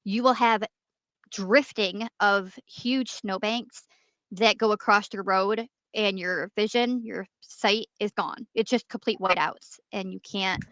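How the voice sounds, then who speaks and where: Woman from New York, animated casual chatter, bright tone, dry muffled recording. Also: mid-range voice, slow pace, no echo. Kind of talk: casual chat. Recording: dry dull lo-fi audio.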